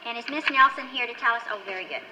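A middle-aged woman chairing a legislative committee hearing, brisk and directive as she runs the meeting. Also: fairly high pitch, heavy background noise.

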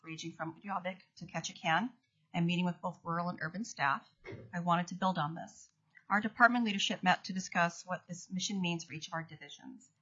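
The dull, lo-fi hearing audio captures a husky, fairly low and fairly bright female voice. She is an acting state commissioner reading her prepared testimony in a legislative hearing room, correcting small slips as she goes.

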